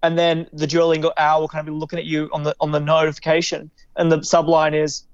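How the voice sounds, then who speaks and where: A man's voice: fairly high pitch, fast talker, clear, resonant tone, no room sound, lo-fi sound. A man, a guest on a podcast, telling funny stories in a casual chat and teasing the host. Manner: animated storyteller, playful insults.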